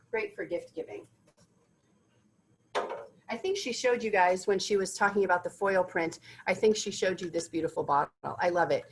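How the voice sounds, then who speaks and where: A woman's voice: medium pitch, slight background noise, poor audio. A woman presenting corporate gift drinkware in a product demonstration, enthusiastic and gushing about each item.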